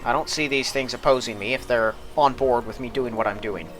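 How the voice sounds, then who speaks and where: A man's voice: mid-range voice, a little fast, a bit bright, faint music behind. Casual male let's play host. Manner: casual, wry asides, reads game text aloud. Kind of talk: casual gameplay commentary.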